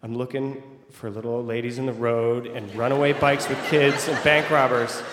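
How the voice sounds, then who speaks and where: A young man telling a personal story live on stage, animated and vivid, building to excited outbursts. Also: mid-range voice, normal speed, background noise. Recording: echoey hall with long reverb.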